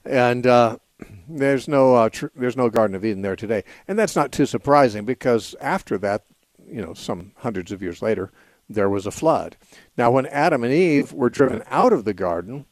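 A man hosting a call-in radio show, explaining scripture in a measured, patient way with frequent "uh" pauses. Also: medium pitch, a little mellow, no echo. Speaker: radio call-in host and Bible teacher. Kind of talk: unscripted call-in radio teaching. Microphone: studio microphone.

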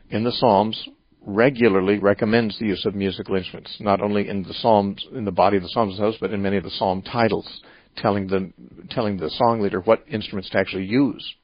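Low-voiced man explaining on radio. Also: slightly rough, dry recording, muffled recording. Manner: reasoned, measured explaining. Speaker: radio show host and Bible teacher. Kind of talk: call-in radio answer.

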